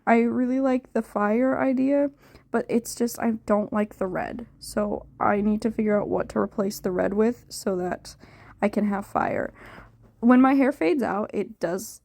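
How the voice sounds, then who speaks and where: With a fairly high, slightly mellow voice and vocal fry, a tired young woman yawns through a casual voice-over about dyeing her hair, recorded without echo. She rambles unsurely, leaning on filler words.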